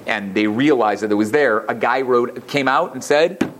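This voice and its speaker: A man's voice: mid-range voice, normal speed, few pauses, background noise. Man telling a Torah class story. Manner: animated, many restarts and asides. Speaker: rabbi teaching a class.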